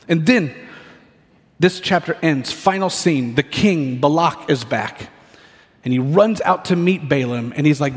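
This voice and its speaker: Male preacher, lively story-driven sermon with playful asides, higher pitch, echoey hall. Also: measured pace.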